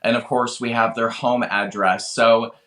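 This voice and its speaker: A man's voice: mid-range voice, steady tone, unhurried, a bit bright, reverberant. A man answering as a guest on a political show, talking in an earnest, urgent and pleading way. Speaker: guest, voter registration organizer. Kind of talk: interview answers.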